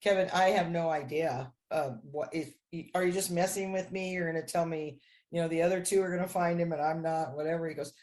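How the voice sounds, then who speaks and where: A woman guest, a crime analyst, telling a story on a podcast and acting out the dialogue with lively voices. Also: lowish voice, a little fast, hardly any pauses.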